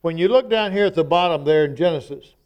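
A man's voice: a little high, quick pace, smooth, highs cut off. A man preaching a sermon, emphatic and conversational, acting out quoted lines.

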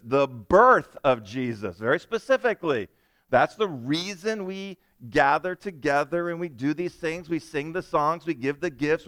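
A male pastor preaching a sermon, swinging from loud emphasis to soft, reflective lines and asking his congregation questions. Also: a little high, no room sound.

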